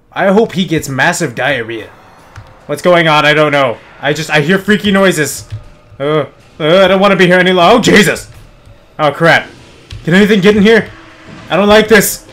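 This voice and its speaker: A man's voice: on the high side, a bit bright. A young man doing let's play commentary, joking, swearing and yelping when startled. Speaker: gamer.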